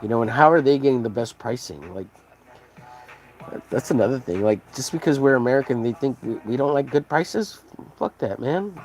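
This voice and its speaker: A man's voice: mid-range voice, expressive, moderate pace, a little mellow, faint music behind. A man hosting a podcast, ranting casually in a profane, rambling, heated way. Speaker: podcast host. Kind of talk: casual rant.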